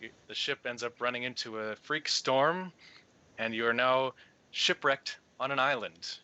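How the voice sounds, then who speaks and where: A man narrates as game master in an easygoing, descriptive way. His voice is bright and forceful. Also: mid-range voice, measured pace, smooth, highs cut off.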